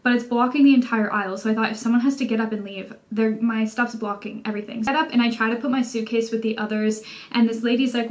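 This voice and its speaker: A woman's voice: a little high, fast. Chatty Canadian woman telling a story. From Canada, Toronto. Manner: chatty, animated storytelling, many "like" fillers. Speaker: vlogger. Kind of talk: casual storytime vlog. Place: indoors at home by a window.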